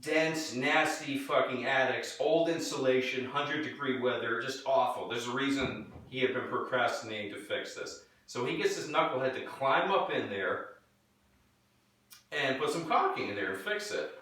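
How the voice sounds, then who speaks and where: A man's voice: medium pitch, moderate pace. A man from Florida telling a profane story casually and acting out the voices of the people in it. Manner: profane, animated, acts out quotes. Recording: echoey room, distant mic, faint noise.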